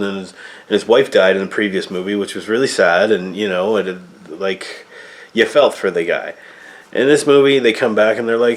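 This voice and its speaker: Guy ranting casually about a movie, exasperated and rambling, lowish voice. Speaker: movie reviewer.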